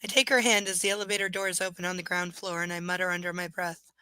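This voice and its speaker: A woman with a bright, forward voice reads a novel aloud live from home. She keeps breaking off to add dry, sarcastic commentary. The sound is close and dry with no room echo. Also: on the low side, flat delivery, quick pace, smooth. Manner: wry, sarcastic asides between read passages. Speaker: reader and host.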